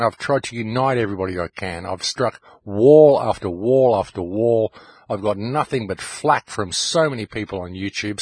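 Husky-voiced man ranting on radio. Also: fairly low pitch, dry recording. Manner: ranting, urgent, addresses listeners directly. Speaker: radio show host. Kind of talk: impassioned monologue.

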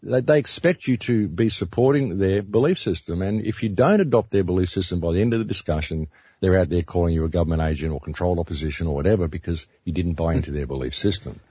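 A man's voice: low-pitched, fast, dark tone, breathy edge, no echo. A man, a radio announcer, talking earnestly in a casual discussion and often repeating words as he thinks.

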